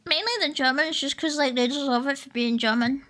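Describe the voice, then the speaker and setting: Her voice sits high and fairly bright, and she speaks briskly while chatting on a stream. Faint lo-fi music plays behind her as she teases, jokes, and laughs often.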